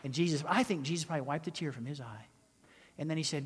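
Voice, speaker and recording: Animated high-voiced preacher in a reverberant hall. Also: male voice, fast, husky. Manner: animated, questions the congregation, acts out quoted voices. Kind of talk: storytelling sermon.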